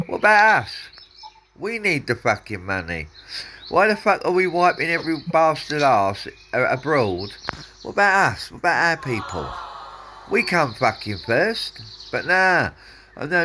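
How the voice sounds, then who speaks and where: A man's voice: medium pitch, pushed and bright. Middle-aged man, sweary rant, repetitive, noisy background. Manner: angry, sweary, repetitive ranting. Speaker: father ranting to his son. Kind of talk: casual rant.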